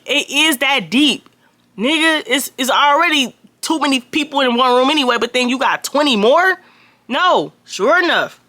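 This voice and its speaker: A young woman telling a storytime to her viewers, animated and profane, acting out the people she quotes in a raised voice. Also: a little high, moderate pace, no room sound. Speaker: storytime vlogger. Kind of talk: casual storytelling.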